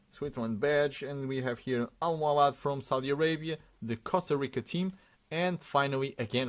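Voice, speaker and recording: A man hosting a sticker unboxing, giving casual running commentary and reading out names one after another with frequent hesitations. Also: mid-range voice.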